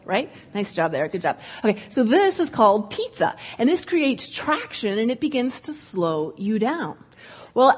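A woman's voice: a little high, slightly rough. A woman, a former ski instructor, giving a humorous storytelling speech to an audience in a room and acting out the characters' voices. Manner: lively, comic, acts out voices.

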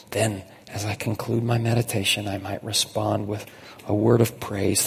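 A man preaching a conversational sermon as a pastor, emphatic and slowing down on key phrases. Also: lowish voice, vocal fry, big-room sound, a little hiss or hum.

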